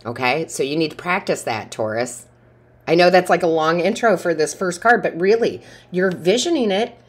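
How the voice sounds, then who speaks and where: A woman with a notably deep, low-pitched voice gives a casual tarot reading. She talks in a rambling, chatty way and often laughs. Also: lively intonation, normal speed, breathy edge. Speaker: tarot reader.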